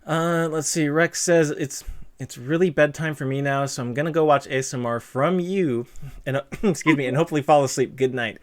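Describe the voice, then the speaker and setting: A man's voice: on the high side, a little fast. A man hosting a casual livestream interview, reading chat messages and cracking dad jokes, with a stuffed-up nose. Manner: jokey, self-deprecating, punny.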